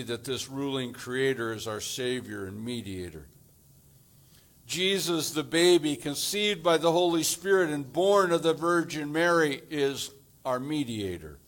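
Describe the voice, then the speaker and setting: A man preaching a sermon as pastor, deliberate and measured, delivering his points in short phrases. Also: a little high, a bit bright.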